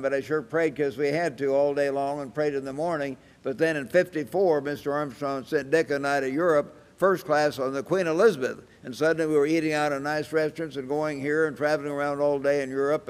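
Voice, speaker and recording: A man in his eighties preaching a sermon, telling folksy anecdotes with chuckles. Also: fairly high pitch. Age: 80s. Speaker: church evangelist preaching. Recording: reverberant hall sound.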